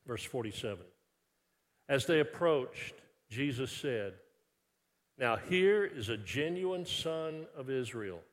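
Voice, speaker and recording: A man from Texas, preaching a sermon in a lively, conversational way with frequent restarts, dropping soft when quoting scripture. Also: medium pitch. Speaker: pastor. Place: large church worship center. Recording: long reverb of a large hall.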